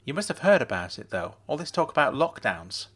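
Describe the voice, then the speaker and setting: A man voicing a chatty young woman who is blunt but kind, with a brisk, probing, matter-of-fact way of talking. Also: mid-range voice, very animated, fairly bright tone, voice pushed up.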